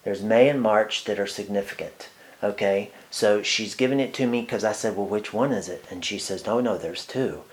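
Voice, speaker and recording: In a private one-on-one reading, a male psychic medium talks haltingly, full of fillers and restarts, now and then sinking into soft murmured asides. His voice sits lowish.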